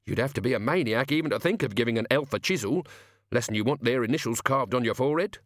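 A man's voice: medium pitch, expressive, fast, dry recording, studio quality, lightly acted. A man voicing a blunt, folksy uncle who speaks in a matter-of-fact way. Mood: sage.

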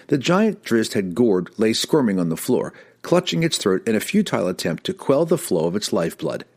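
A man narrates a fantasy adventure aloud. His voice is husky and sits a little low, and his pitch rises and falls a lot as he drives the action forward dramatically. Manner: dramatic, expressive storytelling. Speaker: audiobook narrator.

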